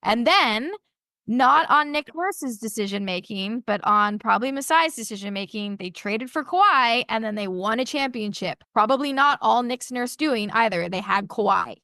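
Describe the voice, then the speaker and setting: A woman talks as a guest on a casual podcast, her pitch sitting a little high. She tells stories in a lively, chatty flow. The sound is dry and close, with no room around her. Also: moderate pace, no echo. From Toronto, Canada. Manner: chatty, animated storyteller. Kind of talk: casual chat.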